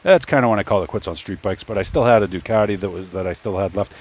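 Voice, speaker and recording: A man's voice: on the low side, quick pace. Rambling man chatting at his workbench. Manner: rambling, stop-start, talks to himself while assembling. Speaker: 3D printing YouTuber. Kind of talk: casual workbench storytelling. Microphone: phone.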